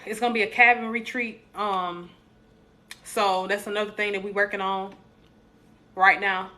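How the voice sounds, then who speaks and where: A woman's voice: medium pitch, little pitch movement, normal speed, sharp tone. A young adult woman, hosting a casual live stream, joking with viewers and preaching encouragement.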